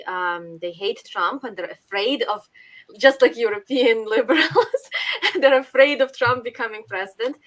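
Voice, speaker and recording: A woman from Ukraine, a podcast guest, talking politics in a lively, emphatic way. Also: medium pitch. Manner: lively, emphatic, laughs between points. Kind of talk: casual political discussion.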